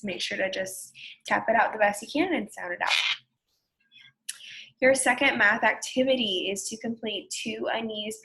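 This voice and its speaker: A young woman speaks as an elementary school teacher recording a remote lesson for her class. Her delivery is patient and encouraging, with a mid-range voice. She slows down to clap and sound out words for the young children. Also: mid-range voice, bright, forceful tone, poor audio.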